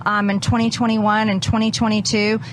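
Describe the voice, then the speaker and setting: A woman's voice: medium pitch, level tone, moderate pace, a little hiss or hum. A woman politician giving a TV news interview, pressing her points hard and repeating them for emphasis.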